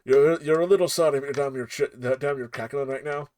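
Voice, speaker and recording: A man's voice: medium pitch, fast talker, darkish tone, dry recording, natural voice. A man voicing a jolly male bear wizard in a put-on Scottish accent, chanting playful rhyming spells. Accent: Scottish, put-on Sean Connery impression. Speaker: game master.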